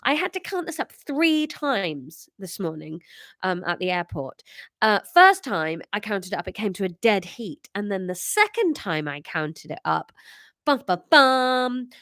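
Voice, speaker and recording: A congested woman in her thirties, her nasal voice sitting at an ordinary middle pitch. She chats in a rambling, self-mocking way on a live stream and reads her own story between asides. The sound is close and dry, with no room echo. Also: sing-song, measured pace, fairly bright tone. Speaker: comedian host reading her own story. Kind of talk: casual live-stream chat and reading aloud.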